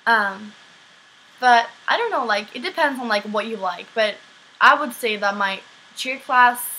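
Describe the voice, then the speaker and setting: A woman's voice: a little high, expressive, unhurried, sharp tone, slight background noise, rough recording. A teenage girl from Sweden with a light Swedish accent, chatting casually through viewer questions in a vlog, with many "um"s and "like"s. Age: teens. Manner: chatty, filler-heavy, frequent "um" and "like". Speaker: exchange student vlogger.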